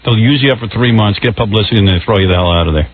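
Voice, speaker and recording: A man's voice: on the low side, racing, narrow, tinny audio. A male radio host doing comic talk-show banter in a brash, teasing, bossy way.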